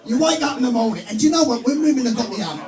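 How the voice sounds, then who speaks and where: This English-accented man in his forties performs a crude, blokey stand-up routine on a club stage for a live audience. His very high voice is animated and very fast, and the echoey club carries music and crowd noise.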